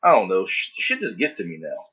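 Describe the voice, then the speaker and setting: Male co-host in his thirties, husky, dull lo-fi sound, animated and profane in casual talk. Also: low-pitched, a little fast. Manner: animated storytelling with heavy swearing. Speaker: podcast co-host. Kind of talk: casual chat. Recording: dull lo-fi audio.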